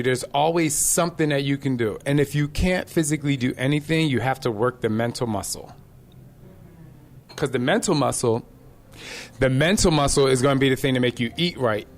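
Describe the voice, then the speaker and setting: A man hosting a live podcast, telling fitness stories to his listeners in a lively, direct way with laughing asides. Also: a little high. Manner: animated storyteller with laughing asides. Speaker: podcast host and fitness trainer. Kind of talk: live podcast talk to an audience. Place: live event venue.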